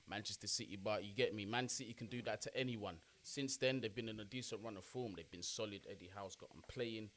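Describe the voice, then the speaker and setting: A young man, chatting casually on a football watch-along live stream and giving shout-outs to his chat. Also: fairly low pitch.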